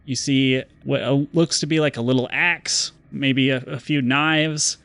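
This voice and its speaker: A man running a tabletop role-playing game as game master, narrating descriptively and slowing down for dramatic moments. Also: medium pitch, steady tone, fairly bright tone, clean tone, no room sound.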